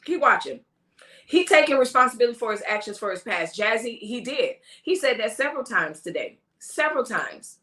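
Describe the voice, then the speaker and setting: A woman hosting a casual live-stream chat, animated and laughing, mimicking the people she talks about. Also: on the high side, brisk, roomy sound. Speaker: host of a live talk stream.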